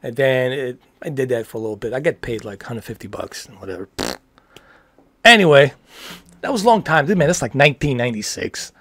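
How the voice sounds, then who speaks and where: A man in his forties chats loosely on a livestream, rambling and friendly with casual slang. His voice sits at a middle pitch. The sound is dry and close, with no room echo. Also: expressive, brisk, a bit bright. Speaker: livestream host answering TV questions.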